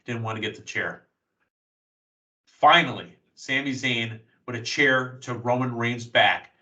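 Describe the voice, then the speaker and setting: Bright-voiced excited male podcast host. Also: medium pitch, distant mic, dull audio. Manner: excited, storytelling play-by-play. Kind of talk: casual wrestling recap chat.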